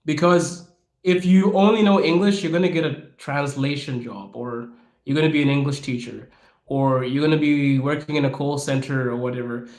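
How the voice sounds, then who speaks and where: A man hosting his own podcast, answering viewer questions in a casual, animated way and acting out the people he quotes. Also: a little high, normal speed, reverberant. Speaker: podcast host. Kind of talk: casual Q&A monologue. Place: lives in Russia.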